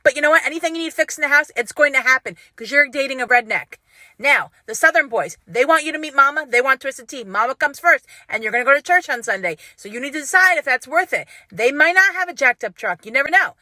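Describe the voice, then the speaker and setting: A woman's voice: sits high, lively intonation, fast, sharp tone, no room sound. A young woman giving a sassy, emphatic comic explainer for social media. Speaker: TikTok creator.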